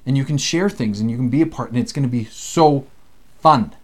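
A man's voice: medium pitch, a little fast, a little mellow. A man from Canada, a former seminary teacher, co-hosting a casual chat in a playful, talkative way and acting out the voices he quotes.

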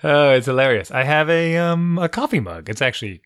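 A man's voice: fairly high pitch, lively intonation, brisk, fairly bright tone, smooth, no echo, clean studio sound. A middle-aged man co-hosting a podcast, chatting casually and telling stories about his kids. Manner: chatty storyteller, parent anecdotes. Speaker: podcast co-host. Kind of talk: casual chat. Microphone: studio microphone.

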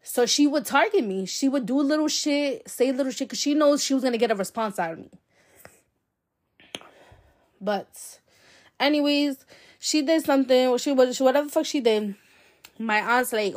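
Young woman podcasting, kinda high voice, swears a lot, rambles casually. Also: normal speed. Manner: chatty, blunt and profane, heavy on fillers. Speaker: podcast host. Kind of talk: casual personal storytelling.

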